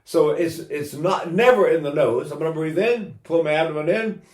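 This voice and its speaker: A man's voice: fairly high pitch, normal speed, reverberant. An older man teaching singing in a casual, rambling way, breaking into sung vowels to demonstrate.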